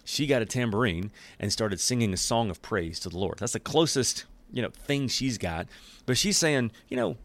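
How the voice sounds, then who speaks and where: A man giving a casual, joking Bible teaching in an animated, conversational way. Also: medium pitch, normal speed.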